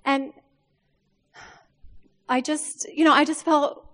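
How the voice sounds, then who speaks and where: A woman's voice: sits high, slow. Chatty woman preaching in an echoey hall. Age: 30s. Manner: chatty, animated storytelling with frequent "okay?" check-ins. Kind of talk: sermon with personal story.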